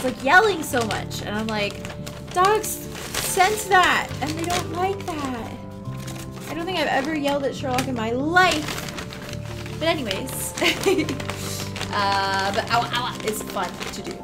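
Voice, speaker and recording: Bubbly high-voiced woman streaming. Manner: bubbly, giggly, greets chat by name. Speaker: livestreamer. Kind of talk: casual livestream chat. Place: home. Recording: background music under voice.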